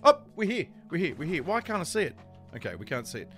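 A man streaming a Minecraft speedrun, chatting casually with his co-host and chat, excitable and quick to laugh. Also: on the high side. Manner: excitable, yelps and laughs at in-game scares. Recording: faint music behind.

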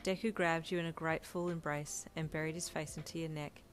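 Low-toned woman narrating fanfiction. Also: fairly quick, soft background music. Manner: steady, gentle storytelling. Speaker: fanfiction reader. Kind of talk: scripted narration.

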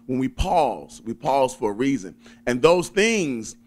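A young man with a Southern accent from Alabama, a stand-up comedian chatting in an interview, laid-back and quick to chuckle. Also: mid-range voice, very animated. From Birmingham, Alabama. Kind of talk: casual interview chat.

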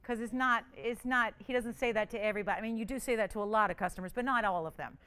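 A woman's voice: a little high, quick pace, pushed and bright. A woman hosting a live jewelry shopping auction, bubbly and chatty, teasing her crew as she calls out the bids.

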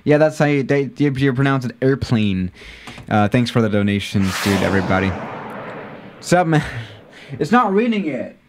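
A man's voice: medium pitch, expressive, moderate pace, long pauses, noisy background. A man live-streaming a flight simulator, chatting casually with his viewers, often tripping over his words and laughing at himself. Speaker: livestreamer playing a flight simulator.

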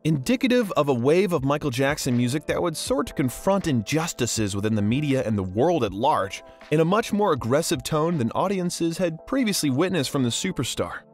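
A man's voice: on the high side, big pitch swings, moderate pace, few pauses, soft background music. A man reading a scripted documentary narration as the channel's host, in a polished voice-over delivery.

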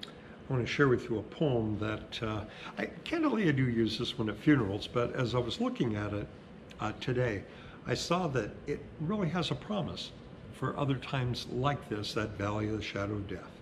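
Middle-aged pastor telling stories in a sermon. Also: male voice, medium pitch, very animated, slight background noise. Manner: conversational storytelling, slowing for emphasis.

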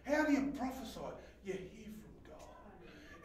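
A man preaching a sermon as pastor, swinging between loud, excited exhortation and quiet scripture reading. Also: high voice, a little slow, reverberant, recorded from a distance, low-quality recording. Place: church fellowship hall.

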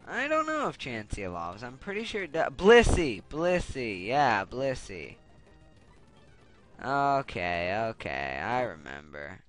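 A man's voice: mid-range voice, huge pitch swings, measured pace, fairly bright tone. Young man ranting over game music. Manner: frustrated, swearing, ranting. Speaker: Let's Play commentator. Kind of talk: casual gameplay commentary.

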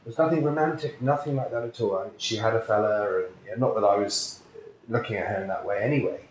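A man's voice: fairly low pitch, fast talker, a little hiss or hum. A British man, a psychic healer, earnestly and emotionally telling a personal story in an interview. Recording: very echoey room, faint ambience.

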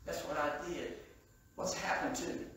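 An older man preaching a sermon, telling stories that swing from soft asides to loud, emphatic peaks. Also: moderate pace. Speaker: evangelist preacher. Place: church sanctuary. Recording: echoey church room heard from a distance.

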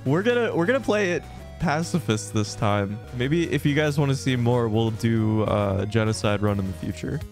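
A man's voice: medium pitch, animated, normal speed, soft background music. A young man hosting a gaming video, giving casual, self-mocking commentary with swearing. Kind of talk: casual let's play commentary.

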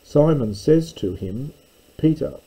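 A man teaching a slow verse-by-verse Greek lesson, stopping often to explain words and grammar. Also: a little high, lively intonation, dark tone, breathy edge, poor audio. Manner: careful, stops to explain grammar.

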